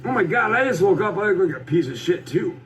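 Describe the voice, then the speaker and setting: A man's voice: high voice, big pitch swings, fast talker. A man hosting a stream, giving crude, joking reaction commentary. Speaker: stream host. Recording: distant mic with faint noise.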